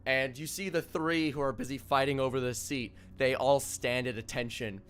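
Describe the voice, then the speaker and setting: A young man narrating a tabletop game as dungeon master, animated and laughing, with halting fillers. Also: medium pitch, slight background noise.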